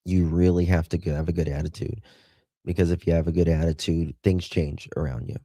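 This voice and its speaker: Man, Southern accent, middle-aged, livestream chat, mellow voice, chatty and affectionate. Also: low-pitched, fairly even intonation, fairly quick, no echo. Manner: chatty, reads viewers' chat aloud with endearments. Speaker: livestream host.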